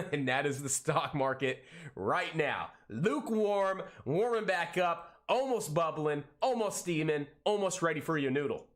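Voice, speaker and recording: A man hosting a live day-trading stream, calling out prices and cracking jokes in an excitable, hyped way. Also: on the high side. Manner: excitable, hyped, jokey, calls out prices rapidly. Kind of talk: live trading commentary and banter.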